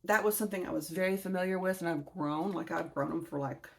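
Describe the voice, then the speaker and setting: This Alabama woman, in her forties, hosts a gardening channel and speaks fast at a fairly low pitch, with vocal fry and a Southern US drawl. In a casual video she shows off her books, chatty and rambling, stopping now and then to correct herself.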